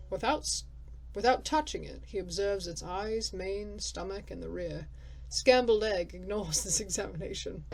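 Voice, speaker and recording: A woman's voice: mid-range voice, a little hiss or hum, rough recording. A woman playing a story game, reading its text aloud and thinking aloud in casual, chatty commentary, laughing at herself. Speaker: let's player.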